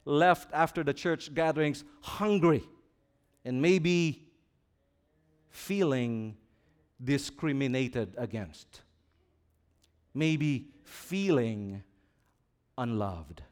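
A man's voice: mid-range voice, lively intonation. A male pastor preaching a sermon, asking the congregation to repeat words back and swelling and dropping his voice for emphasis. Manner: slow, swelling preacher delivery with call-and-response.

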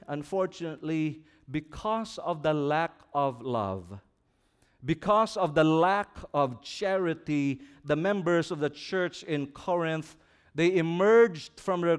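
A man's voice: on the high side, clear, resonant tone. A male pastor preaching a sermon, asking the congregation to repeat words back and swelling and dropping his voice for emphasis. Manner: slow, swelling preacher delivery with call-and-response.

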